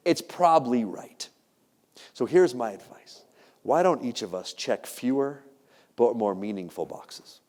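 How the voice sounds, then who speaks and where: A middle-aged man delivers a keynote with a fairly high, very lively voice that swoops up and down as he jokes. He tells stories to a live audience and acts out the voices of the people in them. His voice rings with the long reverb of a large hall. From United States. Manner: animated, jokey, acts out quoted voices. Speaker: keynote speaker. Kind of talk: motivational keynote storytelling.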